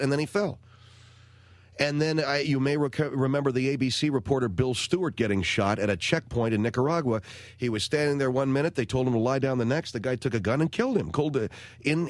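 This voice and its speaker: A man in his forties with a middling voice who rambles through wry stories as a talk radio host. He speaks into a close studio microphone in a dry room with no echo. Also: mid-range voice.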